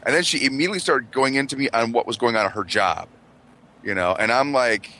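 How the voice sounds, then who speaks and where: A man's voice: fast, bright, forceful tone. A man chatting casually about his marriage, rambling and profane, full of "you know" fillers. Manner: mimics quoted people in a high squeal. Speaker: podcast co-host. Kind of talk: casual chat.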